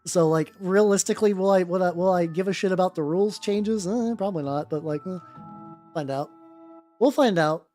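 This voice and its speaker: A hobby streamer talks with viewers while painting miniatures, wandering from thought to thought with lots of false starts and casual swearing. The voice sits at a middling pitch but swings widely as they chat. Soft music plays quietly underneath. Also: animated, quick pace. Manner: rambling, restarts often, swears casually, greets chat viewers.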